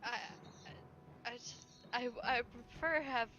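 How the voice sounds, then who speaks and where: Bright hesitant woman player. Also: on the high side, unhurried, muffled recording. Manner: hesitant, stumbling. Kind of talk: tabletop role-play.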